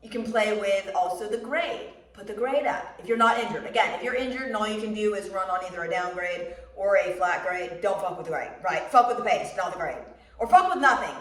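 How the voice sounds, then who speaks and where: A young American woman vlogging about running, talking bluntly and swearing freely as she tells animated stories. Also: medium pitch, brisk. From United States. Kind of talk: casual chat. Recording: roomy sound, mic somewhat distant.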